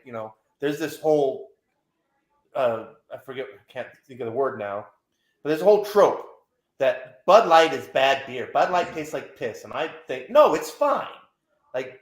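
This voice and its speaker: Opinionated man in an echoey room. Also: medium pitch. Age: 40s. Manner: opinionated, rambling with restarts. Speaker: podcast co-host. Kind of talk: casual chat.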